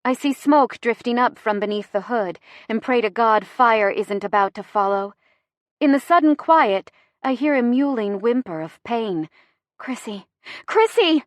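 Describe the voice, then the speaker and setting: Expressive woman narrating an audiobook. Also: fairly high pitch, normal speed, no echo. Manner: expressive, dramatic storytelling. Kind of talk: scripted first-person romance narration.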